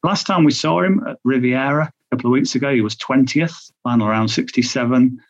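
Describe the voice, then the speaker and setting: Brief: mid-pitched male tipster, rambling and chatty, muffled lo-fi recording. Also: fairly quick. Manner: chatty, thinks aloud with fillers and restarts. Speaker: betting tipster. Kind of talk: podcast chat.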